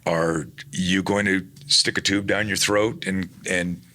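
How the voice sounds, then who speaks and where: A man talking casually in an interview about his work teaching personal defense, animated, acting out the people in his stories with many restarts. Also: sits low, unhurried. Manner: animated, acts out quoted dialogue, frequent restarts. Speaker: guest, personal defense instructor.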